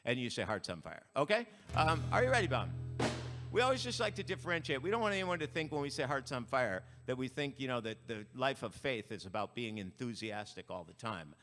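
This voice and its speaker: A man fronting a band, bantering with a church concert audience in a playful deadpan way. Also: medium pitch, brisk, faint music behind. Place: church sanctuary. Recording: live in a church hall, reverberant, with instruments.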